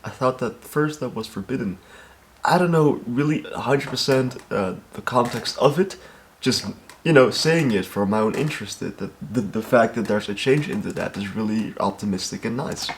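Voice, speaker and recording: A man hosting a reaction video, talking casually in a halting way with many fillers. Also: mid-range voice, slight background noise. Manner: halting, full of fillers and restarts. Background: music from the reacted video.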